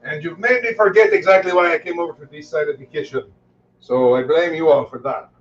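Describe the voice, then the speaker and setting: A man's voice: fairly high pitch, fairly quick. Man, casual joker, chatting to his viewers while cooking at home; slightly muffled, lo-fi sound with faint background noise. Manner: joking, wry, swears casually. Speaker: cooking streamer. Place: home kitchen.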